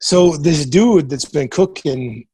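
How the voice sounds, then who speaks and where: Husky-voiced man telling wild stories. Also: on the high side, slow, dark tone, no room sound. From Nebraska, USA. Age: 40s. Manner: profane, retells events by acting out quoted dialogue. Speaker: podcast guest. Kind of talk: casual storytelling.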